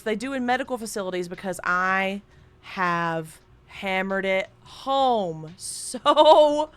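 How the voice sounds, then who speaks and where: A woman's voice: medium pitch, a bit bright. A woman streamer chatting casually and candidly into a desk microphone at home, rambling and swearing freely. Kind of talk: casual live-stream chat.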